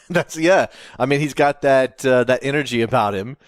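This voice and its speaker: Halting, laughing man, podcast co-host. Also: medium pitch, dry recording, studio quality. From Virginia. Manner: halting, repeats phrases, frequent laughs. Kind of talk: casual chat.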